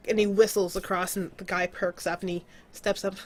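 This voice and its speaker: A woman's voice: medium pitch, fairly even intonation, normal speed, hardly any pauses. A woman narrating as game master of a tabletop game, casual and loose, with frequent fillers.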